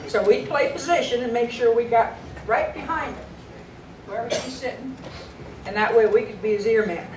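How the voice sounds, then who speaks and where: A woman's voice: fairly high pitch, moderate pace. A middle-aged woman giving a memorial speech full of anecdotes about a late friend, often laughing as she tells them. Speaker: speaker honoring a late friend; women's pool tour board member. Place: banquet hall at a dinner. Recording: echoey distant hall recording with background noise.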